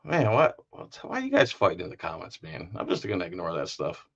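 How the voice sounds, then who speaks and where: A man's voice: low voice, huge pitch swings, fairly quick, vocal fry, breathy edge, dull audio. A man hosting a live stream, rambling and cracking jokes as he signs off. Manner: rambling and joking, many fillers. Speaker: livestream host. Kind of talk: casual live-stream sign-off.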